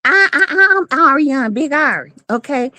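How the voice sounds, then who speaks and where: A woman's voice: high-pitched, animated, moderate pace, bright, forceful tone. A woman in casual live-stream chat, sassy and playful, teasing and greeting viewers by name.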